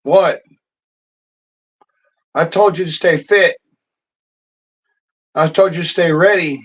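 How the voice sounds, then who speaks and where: A man delivering an angry, profane rant to the camera, bitter and cursing nearly every phrase, now and then breaking into hoarse yelling. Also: a little high, slow, highs cut off. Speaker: vlogger.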